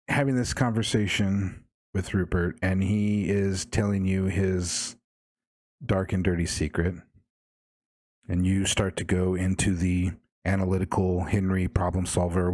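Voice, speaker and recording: A man narrating as game master of a horror tabletop game, slow and measured, with repeated refrains. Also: low voice, darkish tone, no room sound.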